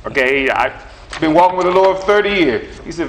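A middle-aged man preaching a sermon in a lively, conversational way, acting out back-and-forth dialogue. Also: on the high side, fairly quick, a little hiss or hum, low-quality recording. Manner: animated, conversational, acts out dialogue with God.

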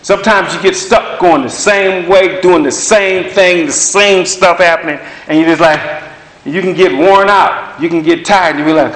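A man's voice: on the high side, moderate pace, a bit bright. A man preaching a sermon, emphatic and conversational, repeating phrases to drive points home. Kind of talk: sermon with prophetic words. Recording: echoey room.

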